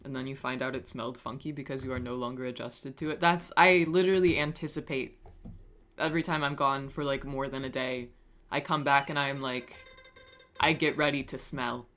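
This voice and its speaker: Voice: mid-range voice, fairly even intonation, brisk, fairly bright tone. A streamer chatting casually on a live stream, reading chat messages aloud and answering them with wry, self-mocking humor and frequent swearing.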